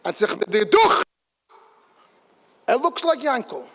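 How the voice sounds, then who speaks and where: A middle-aged man giving a lively storytelling speech to a gathering in a large hall, breaking into excited exclamations. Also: extremely high pitch, slow, slightly rough. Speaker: speaker at a community gathering. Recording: long reverb of a big hall.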